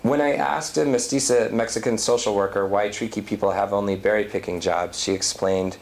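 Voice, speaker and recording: Man, academic lecture, deep voice, gravelly, faint background hum. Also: steady tone. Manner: reads prepared text, measured.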